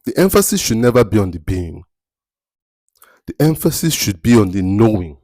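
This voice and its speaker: A man's voice: on the low side, big pitch swings, moderate pace, dark tone, no room sound. A man giving a motivational talk as a mentor, emphatic and rhetorical, repeating his key phrases. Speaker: mentor giving life advice.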